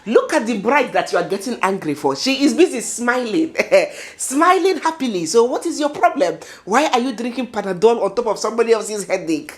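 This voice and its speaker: A woman's voice: a little high, big pitch swings, normal speed, darkish tone. A Nigerian woman commenting on a viral video in a dramatic, chatty vlog style, talking to herself and laughing now and then.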